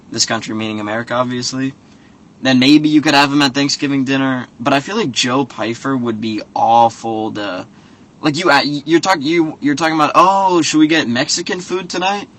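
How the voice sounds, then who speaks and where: Bright voiced guy rambling casually, swears a lot, tons of like and you know. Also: mid-range voice. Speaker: host. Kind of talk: casual commentary.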